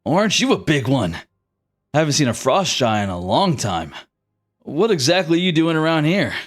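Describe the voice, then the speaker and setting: Game master playing a cocky bully soldier, taunting, bouncy pitch, tabletop role. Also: male voice, very animated, moderate pace. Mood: brash. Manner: sneering, taunting. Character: cruel mocking male soldier, cocky bully.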